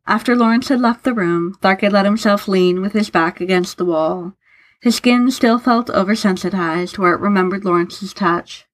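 A woman narrating fiction aloud in an unhurried, even storytelling manner. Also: mid-range voice.

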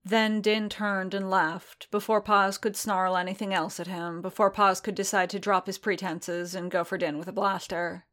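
A woman reading fiction aloud in an even, measured narration. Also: mid-range voice. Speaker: reader.

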